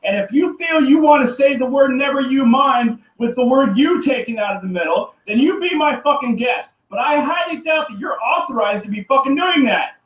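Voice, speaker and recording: Alone on camera, a man with a strikingly high voice delivers an angry, animated rant at a moderate pace with few pauses, swearing constantly, repeating himself and often shouting. He's in an echoey room beside a running turtle tank, and the recording is distant, dull and lo-fi, with running water behind him.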